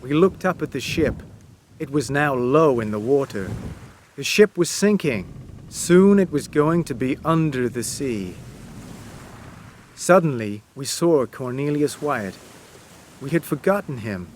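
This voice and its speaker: A man narrating a graded-reader story for English learners, reading slowly and clearly. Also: mid-range voice, slight background noise. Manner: slow, clear, expressive reading. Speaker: audiobook narrator.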